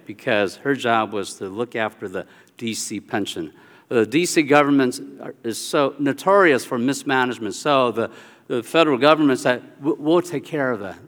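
A man preaching a sermon, telling a personal story with swings of pitch and volume. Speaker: pastor. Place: church sanctuary. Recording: hall reverb with soft guitar music.

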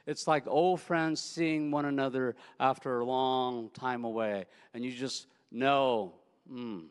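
Brief: a male pastor preaching casually and anecdotally, mid-pitched, with echo from a church hall. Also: smooth. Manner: conversational, anecdotal, repeats words. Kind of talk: sermon. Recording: echoey hall.

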